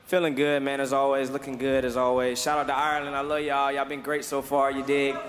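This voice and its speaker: A man's voice: mid-range voice, monotone, a little fast, fairly bright tone. A man, a boxer, trash-talking with slang fillers at a press conference. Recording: echoey hall.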